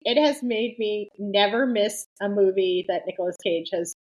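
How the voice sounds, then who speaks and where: Woman, podcast co-host, mid-pitched, casual and giggly, trails off. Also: normal speed, darkish tone, rough recording. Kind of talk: casual chat.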